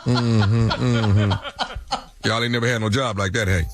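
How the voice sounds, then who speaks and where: A man's voice: on the low side, fairly even intonation, very fast. A man on a radio morning show, joking and plugging his shows in a playful, drawling way. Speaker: radio co-host. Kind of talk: radio show banter and plug.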